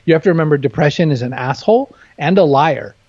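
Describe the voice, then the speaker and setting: A man's voice: fairly high pitch, animated, fast, darkish tone, no room sound, muffled recording. A man talking candidly and with humor as an interview guest, often self-deprecating. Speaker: guest author. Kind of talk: casual interview chat.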